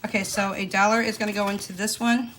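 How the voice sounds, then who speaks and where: This is a thirties woman with a drawl who runs a budgeting channel. She keeps up a relaxed, folksy patter as she counts out bills, keeping her tone at an everyday middle pitch. A light background hiss runs under the recording. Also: fast. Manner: chatty, folksy, addresses viewers directly. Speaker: budgeting vlogger. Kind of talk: casual chat to camera.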